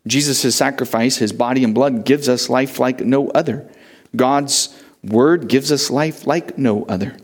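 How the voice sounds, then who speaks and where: A man's voice: mid-range voice, measured pace. A male pastor preaching a sermon, earnest, telling a story with frequent restarts.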